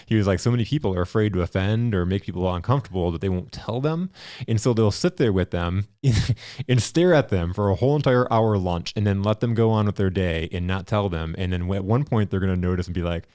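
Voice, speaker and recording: A man's voice: low voice, brisk, no echo, clean studio sound. A man hosting a podcast, telling blunt, profane stories in casual chat. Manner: animated storyteller, blunt and profane. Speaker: podcast host.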